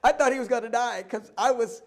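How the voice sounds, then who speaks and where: High-voiced animated male storyteller. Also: brisk. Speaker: guest speaker. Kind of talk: live oral history talk.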